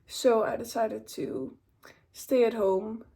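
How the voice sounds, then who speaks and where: A woman's voice: on the high side, steady tone, slow, creaky, dark tone, breathy edge. Tired young woman vlogging at home. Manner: open and emotional, many fillers. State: tired and tearful. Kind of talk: casual talk to camera.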